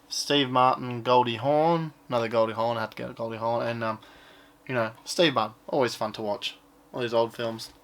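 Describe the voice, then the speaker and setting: Rambling, offhand man. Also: mid-range voice. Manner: rambling, offhand, swears casually. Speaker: collector showing his purchases. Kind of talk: casual unboxing chat.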